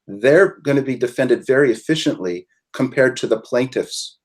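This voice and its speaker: A male attorney guest on a webinar with a mid-range voice. He talks in a measured way, laying out legal outcomes step by step in plain conversation. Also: medium pitch.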